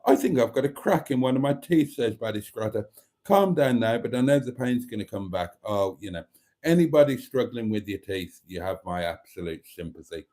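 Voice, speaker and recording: A man's voice: lowish voice, expressive, moderate pace, warm tone. A man hosting a casual live stream from home, reading viewer comments aloud in a chatty, cheeky, rambling way into a phone. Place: home, indoors.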